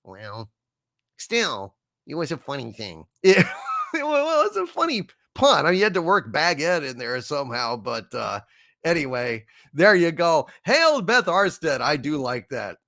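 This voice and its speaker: A man runs a casual livestream, reading out viewer messages and teasing the senders with corny jokes. His voice sits a little high and swings widely in pitch, with a bright, forceful edge. The sound is dry and close, with almost no room echo. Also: unhurried. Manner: animated, jokey, shouting greetings with big pitch jumps. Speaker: livestream host. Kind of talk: casual livestream chat reading super chats.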